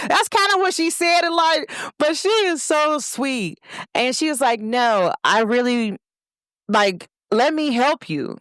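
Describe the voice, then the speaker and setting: A woman from Cincinnati hosting her own show, talking casually and warmly to viewers, repeating points and calling them "y'all". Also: on the high side, normal speed, no echo, clean studio sound. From Cincinnati, Ohio. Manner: lively, repetitive, speaks directly to listeners with "y'all". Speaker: host. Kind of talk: casual motivational talk to viewers.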